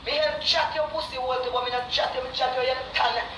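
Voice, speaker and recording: A woman's voice: high voice, steady tone, fast, fairly bright tone, soft background music. A Jamaican woman in an angry, insulting rant, cursing and repeating herself. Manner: cursing, repetitive, heated. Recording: distant echoey noisy live-stream audio.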